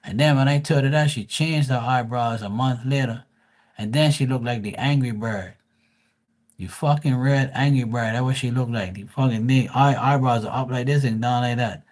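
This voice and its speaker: Man, casual vlog rant, crude, swearing, mocking, stammered restarts, middle pitch. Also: moderate pace, a little mellow. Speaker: vlogger.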